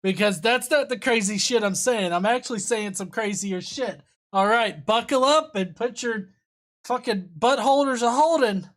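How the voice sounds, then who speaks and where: A woman's voice: fairly high pitch, normal speed, natural voice. A woman doing a crude, boastful preacher. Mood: mocking. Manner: mocking, profane.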